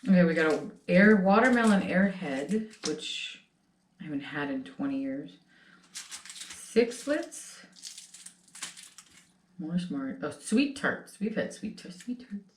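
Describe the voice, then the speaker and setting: A woman hosting a casual video, telling stories in an animated way. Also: fairly low pitch, takes it slowly, long pauses. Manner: animated storytelling. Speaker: host. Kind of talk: casual chat. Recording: roomy, a bit far from the mic, faint noise.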